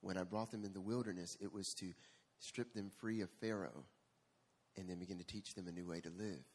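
A calm, patient God speaks in a low, hushed, husky voice, as a male preacher acts him out. Each word comes slow and deliberate, like gentle questioning from above. The tone stays soft and solemn throughout.

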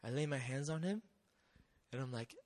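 A young man giving a lively testimony talk, telling a mission story with acted-out voices and frequent laughter. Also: mid-range voice, normal speed. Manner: animated storyteller, acts out voices, laughs often. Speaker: missionary speaker.

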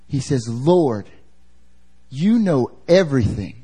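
A man delivers a live sermon in a voice pitched a little above the usual male range. He swings between loud, rising emphasis and hushed, almost whispered lines. He acts out the voices of the people in the story he is telling. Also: very animated, unhurried, slightly rough. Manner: acts out quoted voices, laughs at himself. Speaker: pastor. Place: church service, live.

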